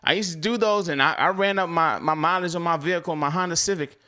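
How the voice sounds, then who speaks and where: A young man telling his story as a delivery driver in a casual live-stream chat, animated and climbing higher when he gets heated. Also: fast, clear, resonant tone.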